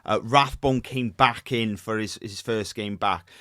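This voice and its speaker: A man co-hosting a casual football podcast, talking in halting runs, repeating words and filling pauses. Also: on the low side, sharp tone, no echo, studio quality. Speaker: podcast co-host.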